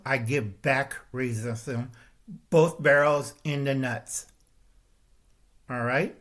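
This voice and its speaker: A man's voice: mid-range voice, fairly bright tone. An older man hosting his own channel, delivering a confrontational monologue and pressing his points with repeated "okay?" and "all right?". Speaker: channel host. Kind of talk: ranting monologue to camera.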